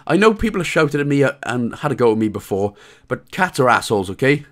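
A man with a Welsh accent giving a casual, joking game walkthrough, swearing a little and calmly repeating his instructions. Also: mid-range voice, quick pace. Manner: irreverent, joking, mild swearing. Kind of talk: casual commentary over gameplay.

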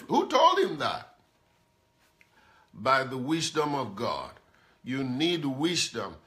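A man's voice: medium pitch, bright, forceful tone. A man preaching a live-streamed sermon as pastor, emphatic and repetitive, calling out to viewers. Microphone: camera mic.

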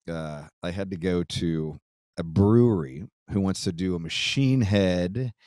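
Low and darkish, his voice comes through with no echo in clean studio sound as he hosts his podcast. He's loose and profane, chatting casually, reading a listener's letter, laughing easily and often starting over.

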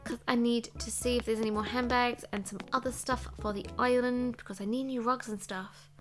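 A woman's voice: a little high, fairly even intonation, fairly quick. Chatty woman gaming. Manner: chatty and playful, thinking aloud. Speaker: let's play host. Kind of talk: casual gameplay commentary. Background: game music.

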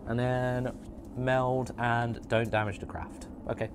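An English man hosting a gameplay livestream, chatty and excitable, joking with his chat. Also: mid-range voice, slow, background noise. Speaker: livestream host.

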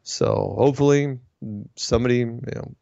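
A man's voice: mid-range voice, normal speed, creaky, mellow, no echo. A man hosting a casual monologue, reading viewer emails aloud and ranting in a chatty, opinionated way with frequent restarts. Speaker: host answering viewer mail. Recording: dull lo-fi sound, dry.

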